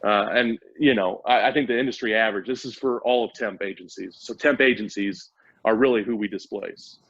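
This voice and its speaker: A man's voice: on the low side, a little fast, a bit bright, husky, dry recording. Man, startup CEO guest, eager, long explanations, lo-fi audio, dry. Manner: eager, explains at length with many restarts. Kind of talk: casual interview talk.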